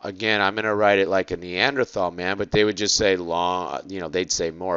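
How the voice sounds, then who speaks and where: A man teaching an accounting lecture, asking the class quick rhetorical questions and stretching out key words. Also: lowish voice, steady tone, a bit bright, smooth, lo-fi sound.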